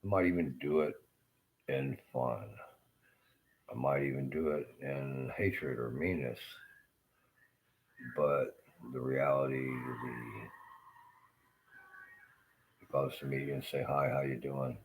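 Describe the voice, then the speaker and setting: A middle-aged man with a Southern American accent, delivering a rambling monologue rant that is blunt and profane and full of halting fillers. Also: extremely low pitch, fairly even intonation, poor audio. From Southern United States.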